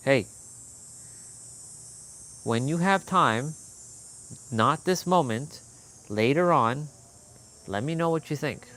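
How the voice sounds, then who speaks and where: A man's voice: mid-range voice, fairly bright tone. A young man vlogging, telling an emotional personal story in a candid, swearing manner. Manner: candid, swearing, quoting others in heated bursts. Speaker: fitness vlogger.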